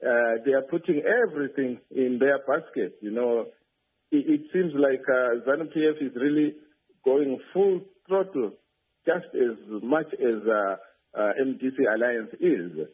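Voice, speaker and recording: Over a tinny telephone line, a male field reporter phones in a news report in a husky, expressive, mid-range voice at a measured pace. He sounds hesitant, with many fillers and restarts.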